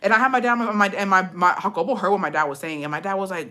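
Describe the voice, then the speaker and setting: A woman's voice: medium pitch, fast talker. A young woman telling a story in a casual vlog, swearing freely and acting out the voices of the people in it. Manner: profane, animated storytelling, drifts into Spanish words.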